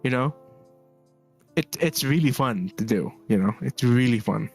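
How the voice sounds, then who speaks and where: Relaxed rambling male streamer, music behind. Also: mid-range voice, measured pace, gravelly. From Philippines. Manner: relaxed, rambling, laughs often, reads chat aloud. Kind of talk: casual chat while drawing.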